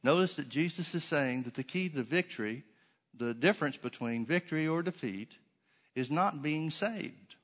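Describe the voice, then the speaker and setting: A man's voice: a little high, animated, normal speed, a bit bright. A man preaching a sermon to his congregation in a church, emphatic, with many rhetorical questions and repeated phrases. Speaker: pastor.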